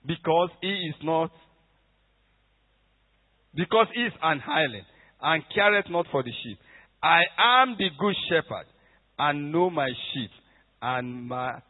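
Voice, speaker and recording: A man preaching a sermon with fervent intensity, swinging between loud emphatic bursts and hushed prayer in a church hall. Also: on the high side. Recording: tinny phone-like sound with long hall reverb.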